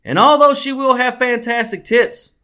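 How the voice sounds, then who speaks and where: A man's voice: very high-pitched, moderate pace, pushed and bright, voice pushed up. A man playing a crude, arrogant old German king who talks in a profane, mock-solemn way.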